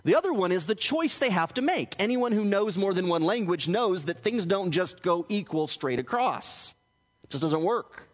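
A man's voice: sits high, very animated, moderate pace. A man as pastor giving a teaching sermon, explaining earnestly and often restarting his words. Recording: hall reverb.

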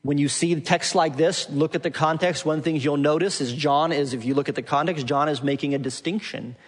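A man preaching a sermon, teaching from Scripture and building to emphatic, forceful points. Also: fairly high pitch, steady tone, a little fast, husky. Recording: long hall reverb.

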